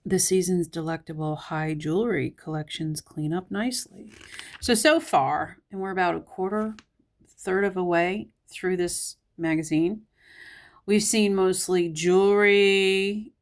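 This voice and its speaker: A woman's voice: on the low side, a little slow. A woman with a Southern US accent, casually flipping through a magazine and giving a musing commentary as she thinks aloud. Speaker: magazine reviewer.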